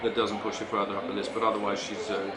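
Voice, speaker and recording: Deadpan man, fast and low, echoey. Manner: dry, mock-serious, hesitant with many fillers. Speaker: celebrity guest. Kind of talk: deadpan comic ranking. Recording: echoey room with loud noise.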